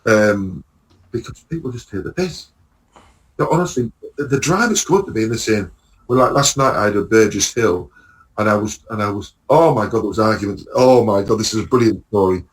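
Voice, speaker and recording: A man, a lorry driver chatting casually and telling animated stories, acting out the other people's lines and swearing freely. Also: fairly low pitch, fairly quick, rough recording. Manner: animated storytelling, acts out dialogue, swears freely. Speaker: lorry driver and podcast guest. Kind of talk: casual chat.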